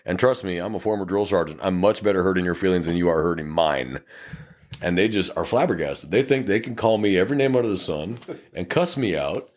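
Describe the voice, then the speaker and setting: This middle-aged Texan co-host, a police officer, chats casually on a podcast, trading stories in a fairly low voice. Profane and blunt, he animatedly plays out both sides of traffic stops, switching fast between angry drivers and officers.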